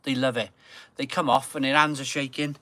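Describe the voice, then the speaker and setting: A man hosts a live stream, talking casually and at length from his garden. His voice is bright and forward, recorded close and dry. He rambles and doubles back on his own words to stress them. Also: mid-range voice, flat delivery, a little fast, dry recording. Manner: rambling, repeats phrases for emphasis. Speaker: beer channel host. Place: home garden.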